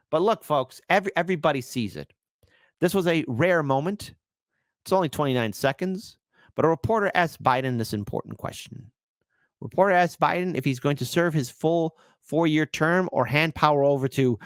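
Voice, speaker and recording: A man's voice: medium pitch, brisk, dry recording, clean studio sound. A man hosting a live political commentary stream, sarcastic and talking to his chat. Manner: sarcastic, animated, talks to chat.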